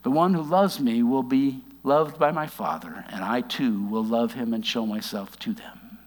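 A man giving a conversational sermon, reading scripture aloud and explaining it with wry asides, slowing down for emphasis. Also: mid-range voice, in a large hall. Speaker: preacher.

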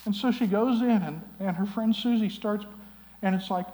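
A male pastor delivers a sermon in a relaxed, conversational storytelling manner. His voice sits a little higher than most men's. He often breaks off and restarts his thoughts with asides. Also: normal speed, rough recording. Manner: storytelling, conversational with frequent "you know".

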